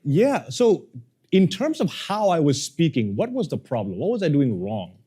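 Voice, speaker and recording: A man, a public speaking coach, teaching a workshop to a live audience, energetic and playful, often quizzing the room. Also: on the high side, moderate pace, breathy edge.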